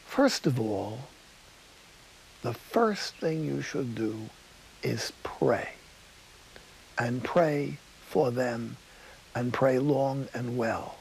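A man preaching a sermon in a studio, telling stories slowly and dropping to a whisper for emphasis. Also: medium pitch, vocal fry, darkish tone, a little hiss or hum, poor audio. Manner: storytelling, slow, drops to a whisper for emphasis.

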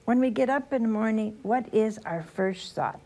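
A woman's voice: fairly high pitch, a little mellow. An older woman, a religious sister, giving a homely sermon, telling stories and asking the listeners questions. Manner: slow storytelling with rhetorical questions to the listeners.

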